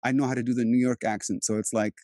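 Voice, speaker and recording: A man's voice: medium pitch, little pitch movement, fast, mellow, no echo, clean studio sound. A man raised in Europe, an actor, talking in a loose, rambling casual conversation with many restarts. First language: Turkish. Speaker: actor and host.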